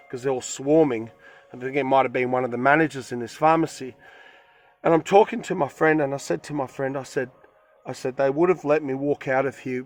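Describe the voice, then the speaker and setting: A man vlogging from his van in a forest, retelling a run-in in a rambling, emphatic way. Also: fairly high pitch. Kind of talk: casual storytelling to camera.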